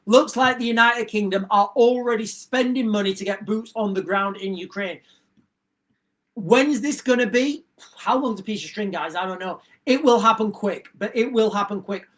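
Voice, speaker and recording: A man's voice: high voice, normal speed, fairly bright tone. A man hosting a live stream, ranting casually in a rambling way, repeating himself and cutting off his own sentences. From England. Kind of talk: casual livestream rant.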